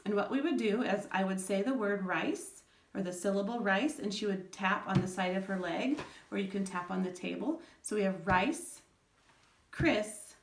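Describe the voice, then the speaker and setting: A mid-pitched woman speaks patiently to parents, breaking words into syllables as she explains. Her voice carries a roomy echo. She sounds a little way off from the microphone. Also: vocal fry, far from the mic. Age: adult parent of school-age children. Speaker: educator giving parenting advice. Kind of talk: instructional talk to parents.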